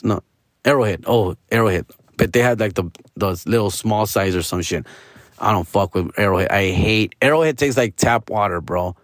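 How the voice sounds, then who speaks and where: A man's voice: fairly low pitch, dry recording. Man, slangy profane rant, spanish mixed in, dry close sound. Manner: slangy, profane, mixes Spanish, calls listener fool. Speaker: comedian. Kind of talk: casual rant.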